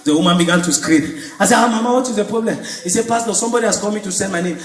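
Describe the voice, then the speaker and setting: A man, a pastor preaching a sermon with animated storytelling, sudden shouts and spoken sound effects. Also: sits high, rapid-fire, far from the mic. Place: church. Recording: echoey church hall with music, crowd.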